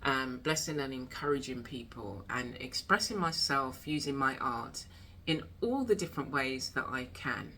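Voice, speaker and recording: A woman's voice: rumbling low, animated, moderate pace, sharp tone, a little hiss or hum. A woman hosting a casual chat about creativity, reflective and chatty. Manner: reflective, chatty, laughs often. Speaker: host.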